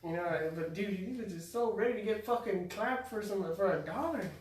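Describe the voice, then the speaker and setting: A young man in his twenties telling a slangy story on a podcast. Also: sits high. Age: 20s. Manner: quick-talking, slangy storyteller. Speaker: podcast co-host. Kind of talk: casual podcast banter. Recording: echoey room, far from mic.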